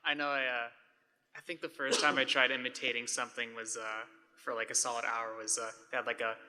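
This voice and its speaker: A man's voice: medium pitch, flat delivery, a little fast, sharp tone, big-room sound. A man in a convention audience asking a question, casual and hesitant, with many fillers.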